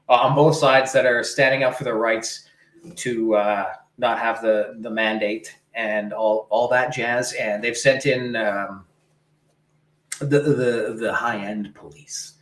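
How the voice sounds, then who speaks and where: A man's voice: medium pitch, roomy sound, low-quality recording. A man from Canada co-hosting a casual political podcast, rambling and emphatic, swearing freely. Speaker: podcast co-host.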